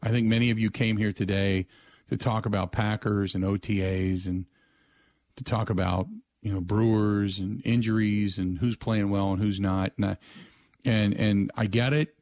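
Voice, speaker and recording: A man's voice: on the low side, fairly even intonation, normal speed, a little mellow, no room sound. An older man hosting a sports talk radio show, talking in a loose, rambling, conversational way and repeating the call-in number. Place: radio studio. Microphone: close studio mic.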